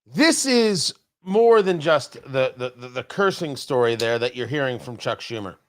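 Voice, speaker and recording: A man's voice: medium pitch, sing-song, normal speed, a bit bright. Indignant male talk show host. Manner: indignant, mocking, emphatic. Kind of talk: political talk show monologue. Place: radio studio.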